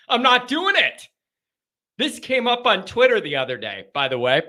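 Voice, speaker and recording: Male host, high voice, bright tone, joking, rambling, casual live chat. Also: huge pitch swings, moderate pace. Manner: joking, rambling, greets viewers by name. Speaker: host of a live fan call-in show.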